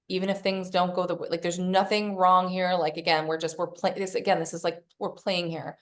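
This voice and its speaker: A woman hosting a podcast, giving casual self-help coaching, swearing freely and acting out her own inner voice. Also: fairly low pitch. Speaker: podcast host.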